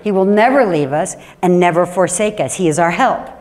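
A woman pastor preaching a sermon in a church, animated and emphatic, with sudden drops to a quiet, low voice. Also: moderate pace. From Washington State.

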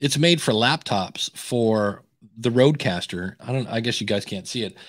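Male co-host, casual chat, lively storyteller, dry close mic. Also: mid-range voice, normal speed, no echo. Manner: animated storyteller, laughs easily. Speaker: podcast co-host. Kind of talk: casual live-stream chat.

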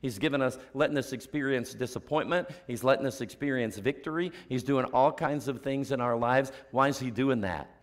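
A man preaching a sermon as pastor, firing off rhetorical questions and dropping to a hushed near-whisper for emphasis. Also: mid-range voice, fairly quick, few pauses. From United States.

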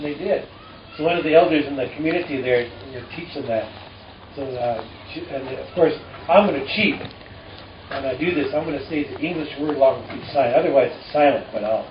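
A man teaching a live audience in a relaxed way, speaking haltingly with many fillers and dry jokes. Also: fairly high pitch, a little hiss or hum. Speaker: musician and storyteller addressing an audience. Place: live performance before an audience. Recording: distant, roomy and dull with faint ambience.

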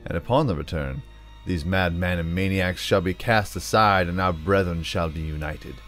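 A grave cult leader intoning a doomsday letter about ritual and ascension, voiced by a man reading it aloud. He speaks in a slight put-on British accent with a lowish voice. Faint music plays underneath. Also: moderate pace, fairly bright tone. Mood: solemn. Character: solemn male cult leader writing a prophecy.

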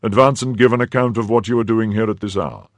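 A man's voice: on the low side, fairly even intonation, fast talker, no echo, studio quality, pitched above the performer's own voice, close to an everyday voice. A man voicing an imperious cardinal. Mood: commanding. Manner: clipped, imperious questioning. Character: stern commanding older male cardinal.

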